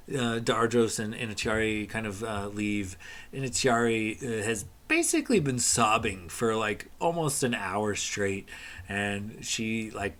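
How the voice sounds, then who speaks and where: Man, game master, low voice, relaxed and rambling, lots of uhs. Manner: relaxed, rambling, many fillers. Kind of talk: narrating a tabletop game.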